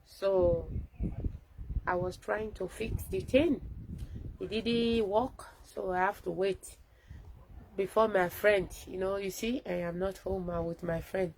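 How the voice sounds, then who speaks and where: A woman's voice: medium pitch, steady tone, slow, a little mellow, slight background noise, rough recording. A woman with a Nigerian accent giving a fervent, rallying address to viewers on a live phone video from a friend's home. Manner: fervent, rallying, mixing Pidgin and English. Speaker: activist broadcaster.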